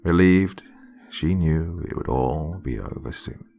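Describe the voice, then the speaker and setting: A man narrating a scripted horror story in a hushed, dramatic storytelling manner. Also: rumbling low, slow, vocal fry, soft background music.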